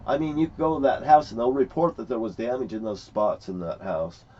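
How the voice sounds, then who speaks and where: A man talks in a long, rambling rant full of profanity and anger. His voice sits at a middle pitch. The recording is dull and lo-fi. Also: fairly quick, dark tone. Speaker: vlogger.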